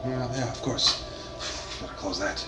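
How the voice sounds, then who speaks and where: A man's voice: low-pitched, normal speed, close to an everyday voice. A man voicing a practical, kind young woman who helps at an inn, speaking plainly and reassuringly. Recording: echoey room with music behind.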